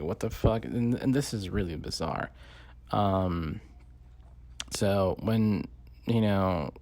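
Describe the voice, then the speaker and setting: A man's voice: on the low side, vocal fry, darkish tone, a little hiss or hum. A man giving casual, rambling commentary full of swearing and fillers. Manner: profane, rambling, many fillers. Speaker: podcast host. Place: lives in the Bay Area.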